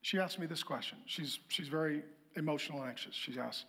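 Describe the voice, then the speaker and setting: Middle-aged man, pastor, high voice, animated, self-mocking, humorous testimony. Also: a little fast, gravelly, husky.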